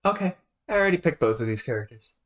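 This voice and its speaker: A woman streaming a webcomic read-aloud, talking in a relaxed, rambling way with many fillers. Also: sits low, quick pace.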